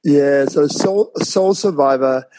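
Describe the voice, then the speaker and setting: A man from London with a London accent mixed with Australian, telling his life story as a guest on an interview show over a remote call, relaxed and laughing often. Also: fairly high pitch, takes it slowly, noisy background. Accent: London English mixed with Australian. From London, England. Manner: relaxed, laughs often, many fillers and restarts. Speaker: guest author. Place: home in Bali, remote call.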